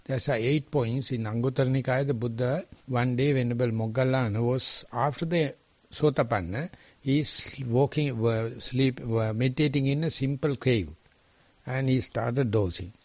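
A man's voice: medium pitch, moderate pace, a little mellow, no echo, dull audio. Man telling a dharma story, non-native phrasing. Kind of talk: dharma talk.

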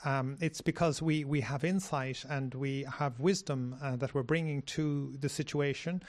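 A man speaking as a meditation teacher in a dharma discussion, reflective and hesitant, with frequent pauses and restarts. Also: mid-range voice, steady tone.

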